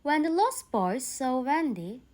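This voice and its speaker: A woman reading a bedtime story aloud for English learners, clear and expressive. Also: high-pitched, measured pace.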